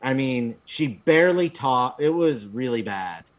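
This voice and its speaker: A man talks casually on a podcast, giving a blunt, profane film review. He hesitates often, filling gaps with ums, and his voice sits at an ordinary middle pitch. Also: animated, unhurried.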